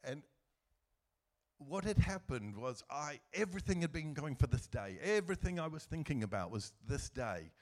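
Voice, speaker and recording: A middle-aged man whose voice runs on the high side tells his personal testimony as a church guest speaker at a moderate pace. Very animated yet earnest and emotional, he laughs softly during the story.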